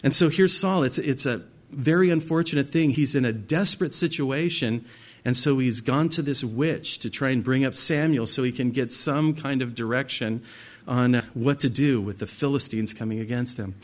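Man, pastor, Bible teaching, reads verses aloud, conversational explanations, speaks straight to listeners, mid-pitched voice. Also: normal speed. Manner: addresses listeners directly as "guys".

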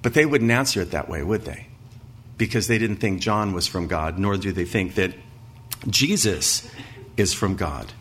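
A man's voice: sits low, animated, normal speed, a bit bright. A man preaching a sermon, reading scripture aloud with emphasis and asking his listeners rhetorical questions. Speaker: pastor. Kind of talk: sermon, expository Bible teaching.

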